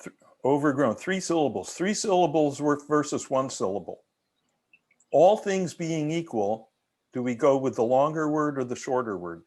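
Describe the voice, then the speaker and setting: A man's voice: medium pitch, animated, a little fast, darkish tone. A man leading an online haiku workshop, asking questions and teaching in a talkative way with many restarts.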